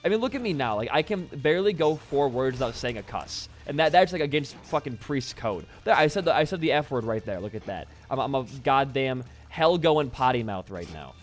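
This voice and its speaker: A man's voice: mid-range voice, very animated, fairly quick, few pauses. A young man giving casual gameplay commentary, rambling and self-deprecating, swearing often. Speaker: gaming YouTuber. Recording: faint background music.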